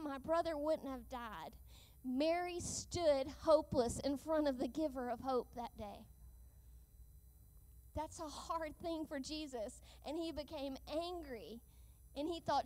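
A woman with a high voice delivers an earnest sermon. She speaks in a measured way and slows down to lean on key lines. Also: darkish tone. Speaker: preacher.

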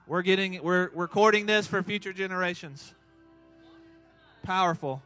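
A man's voice: high-pitched, normal speed, sharp tone, soft background music. A man hosting a live church game for kids and a crowd, playful and hyped, cheering countdowns and teasing the players. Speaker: children's church game host. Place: church hall.

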